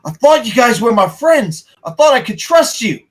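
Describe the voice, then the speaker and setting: Brief: man doing an outraged young guard, voice cracking high, yelling, pitch swinging wildly. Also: very animated, moderate pace, exaggerated voice. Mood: bewildered. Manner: shouting, accusing. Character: angry betrayed young male town guard.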